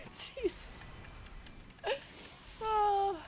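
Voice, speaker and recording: A woman streamer chats casually on a live stream through a streaming microphone, giggling, laughing often, swearing freely and restarting her sentences loosely. Her voice is extremely high and a little mellow, with a level tone and a very slow pace, over a slight hiss or hum.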